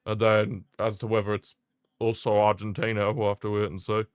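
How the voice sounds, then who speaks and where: This man talks casually through a football match as he follows it, rambling, repeating himself, and erupting now and then with excitement. He speaks fairly low and fairly quickly in a smooth voice, captured at studio quality without any room sound.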